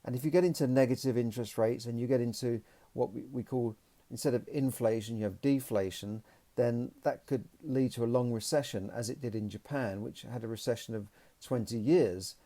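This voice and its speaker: A man's voice: medium pitch, a little fast, dark tone. A man hosting a solo podcast, commenting in a rambling, opinionated way. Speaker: podcast host.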